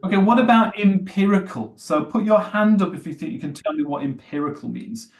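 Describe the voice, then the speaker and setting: A man with a fairly high voice leads an English vocabulary class. He quizzes his students and encourages their answers. His manner is that of a teacher at work. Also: animated, fairly quick. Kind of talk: live online class.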